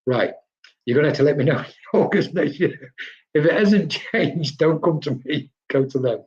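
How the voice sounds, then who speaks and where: A man's voice: fairly high pitch, expressive, moderate pace, darkish tone. Chatty medium man, dull lo-fi audio. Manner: chatty, tags lines with "okay?". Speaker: psychic medium. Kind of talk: live-stream readings.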